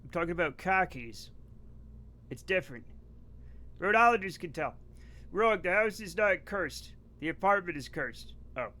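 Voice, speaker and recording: A man's voice: high-pitched, animated, moderate pace, sharp tone. A man with a New England accent chatting casually and animatedly on a live game stream, joking with his viewers. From northeastern United States.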